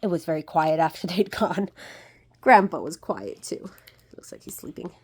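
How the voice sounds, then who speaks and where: A woman reading a picture book aloud to a young child, animated, with gasps and asides. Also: deep voice, normal speed, husky. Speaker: storybook reader.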